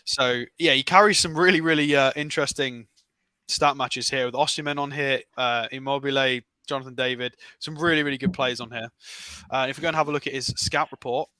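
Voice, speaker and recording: Bright-voiced man talking football. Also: mid-range voice, fairly even intonation, fairly quick, smooth, no room sound. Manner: talks through stats, argues points. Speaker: podcast co-host. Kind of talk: casual football chat.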